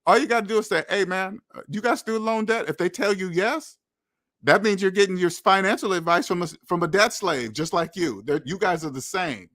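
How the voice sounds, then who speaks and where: Scolding man, slightly higher voice. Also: brisk, fairly bright tone. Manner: preachy, scolding, repetitive. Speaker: finance channel host. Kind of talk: blunt financial commentary.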